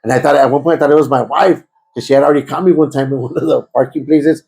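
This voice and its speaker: Gravelly man. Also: mid-range voice, fairly even intonation, very fast, darkish tone, poor audio. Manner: emotional, repetitive, switches into Spanish. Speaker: interviewee giving testimony. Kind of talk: conversational personal testimony.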